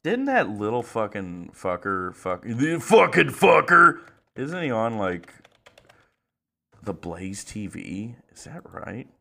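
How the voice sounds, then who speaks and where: A man's voice: on the low side, very animated, slow. A young man co-hosting a comedy podcast, joking animatedly with profanity and frequent laughter. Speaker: podcast host. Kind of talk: casual comedic chat.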